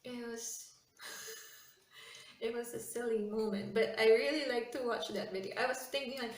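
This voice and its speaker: A woman's voice: on the high side, measured pace. Woman vlogging from a distance, echoey. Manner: rambling, self-correcting, heartfelt. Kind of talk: casual reflective vlog. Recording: roomy echo, distant mic, ambient noise.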